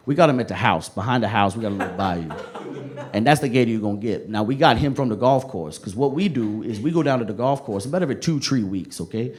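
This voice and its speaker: A man plays a laid-back Southern gator hunter who talks in a sweet, sultry drawl and explains everything step by step, tacking "okay?" onto his lines. The pitch rises and falls a lot. The recording comes from a live club and has clear background noise. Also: animated, darkish tone, close to an everyday voice. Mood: folksy. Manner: folksy, explains slowly, keeps saying okay.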